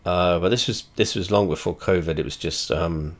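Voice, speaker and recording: Deep-voiced sweary man. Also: moderate pace. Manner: rambling, heavy swearing, blunt and chatty; trails off and restarts often. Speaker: video creator. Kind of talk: casual rambling commentary while playing a flight simulator.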